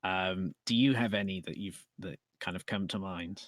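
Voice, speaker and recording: Low-voiced male podcast co-host in a dry, close recording, thoughtful casual chat. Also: moderate pace, fairly bright tone, no echo. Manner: thoughtful, explains with restarts. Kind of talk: casual chat about tabletop games.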